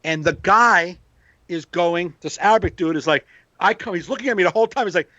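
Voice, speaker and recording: A man, a comedian hosting a podcast, telling a profane, animated story in casual banter. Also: high-pitched, brisk, no echo, dull audio. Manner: animated storyteller, profane, acts out quoted voices.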